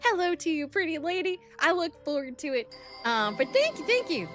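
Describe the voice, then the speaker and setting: A young woman streams to her chat in a high, bright voice, greeting people at a fairly quick pace while soft music plays behind her. Bubbly and excitable, she swoops up and down in pitch, sounding both nervous and excited.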